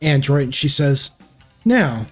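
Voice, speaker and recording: A man's voice: medium pitch, a little slow. A man narrating as game master of a tabletop game, hesitant and full of fillers, voicing characters in quotes. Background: background music.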